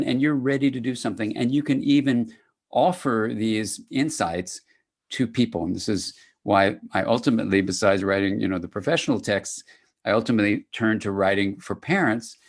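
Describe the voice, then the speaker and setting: An older man giving a conversational academic lecture to clinicians, lively and acting out little dialogues. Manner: animated, conversational, acts out dialogues with rising pitch.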